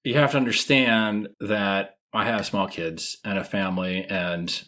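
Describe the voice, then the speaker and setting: A man's voice: fairly low pitch, fairly even intonation, measured pace, pushed and bright. A man in his thirties, a podcast co-host, telling a story in casual chat and acting out the quoted voices.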